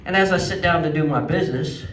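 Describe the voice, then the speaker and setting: A man doing a stand-up comedy set at a legion hall, telling folksy stories and jumping to a high voice for quoted outbursts. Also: quick pace, fairly bright tone. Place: legion hall stage before a live audience. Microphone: handheld microphone, picked up from some distance. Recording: echoey hall, mic at a distance.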